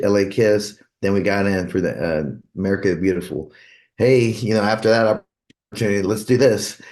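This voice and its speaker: A guitarist's manager with a deep, slightly mellow voice tells a long anecdote in a casual interview, acting out the back-and-forth dialogue as he goes.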